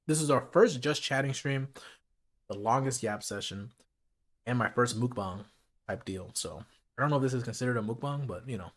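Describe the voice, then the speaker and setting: A man in the middle of a late-night streaming session at home, talking to his chat between bites in easy slang. His voice sits at an ordinary middle pitch, neither high nor low. The sound is close and clean, picked up by a streaming mic with a noise gate. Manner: relaxed slangy chat, talking while eating. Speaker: livestreamer. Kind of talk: casual just-chatting livestream. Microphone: streaming mic with noise gate and filters.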